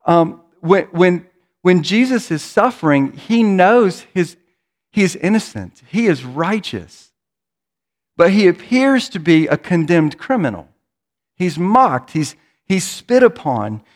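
A male pastor preaching to his congregation in a church. His voice sits a little high for a man, and he speaks earnestly, repeating words as he builds each thought. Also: very animated, slow pace. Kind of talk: sermon.

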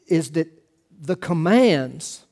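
A middle-aged male pastor preaching a sermon, earnest, rising to emphatic quotes and dropping to hushed asides. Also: a little high, lively intonation, takes it slowly, gravelly.

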